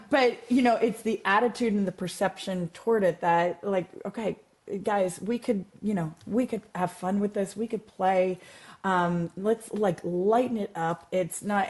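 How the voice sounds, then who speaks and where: A woman math teacher speaks as a guest in a relaxed conversation. She talks in a chatty, animated way, circling back with fillers and restarts. Her voice sits at a middle pitch. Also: moderate pace. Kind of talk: casual interview chat.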